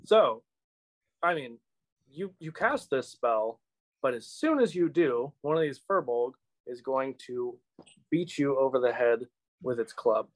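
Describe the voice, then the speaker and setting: A man's voice: medium pitch, animated, a little slow, rough recording. A man narrating as game master in a tabletop game, casual and laughing easily. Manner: casual, laughing, stumbling over words.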